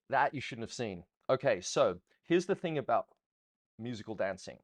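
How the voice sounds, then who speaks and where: A man teaching ballroom dance in a rambling, chatty Q&A style, often counting beats out loud. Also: medium pitch, sing-song, moderate pace, dry recording. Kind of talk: casual teaching Q&A.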